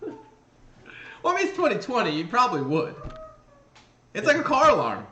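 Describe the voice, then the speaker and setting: A man's voice: extremely high pitch, wildly swooping pitch, moderate pace. A man co-hosting a casual live show, telling stories animatedly, acting out voices and laughing often. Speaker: podcast co-host. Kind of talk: casual chat. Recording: echoey room with faint noise.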